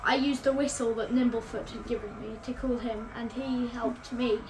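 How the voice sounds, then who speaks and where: A woman's voice: fairly high pitch, steady tone, normal speed, far from the mic. A woman playing a tabletop game who eagerly asks what she can do. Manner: eager and questioning. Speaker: player. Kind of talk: tabletop role-play. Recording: noisy background.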